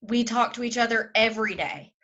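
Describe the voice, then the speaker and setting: A woman leading a group call, giving a fervent, preachy pep talk that swings between loud and soft. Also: fairly high pitch, brisk, highs cut off. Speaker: team leader on a group call.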